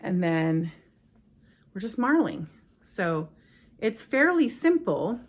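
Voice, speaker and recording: A woman's voice: mid-range voice, very animated, slow pace. A middle-aged woman hosting her own craft podcast in casual, rambling chat, often stopping to correct herself. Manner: chatty and rambling, with frequent self-corrections. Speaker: podcast host.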